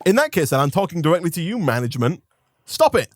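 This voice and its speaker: A young man ranting about a pet peeve in casual banter, animated and mock-outraged. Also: a little high, racing, no echo, studio quality. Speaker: co-host.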